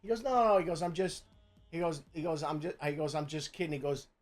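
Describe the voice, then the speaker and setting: A man's voice: a little high, fairly even intonation, quick pace, a little mellow, faint music behind. A middle-aged man from Jersey City with a New Jersey accent, telling a profane story in casual chat, full of stammering restarts. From Jersey City, USA. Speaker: streamer host.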